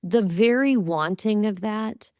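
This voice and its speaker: A woman's voice: medium pitch, slow pace, darkish tone, clean tone, no echo, clean studio sound. A middle-aged woman hosting a podcast interview, speaking in a reflective, affirming way. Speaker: podcast host. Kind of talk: casual interview chat.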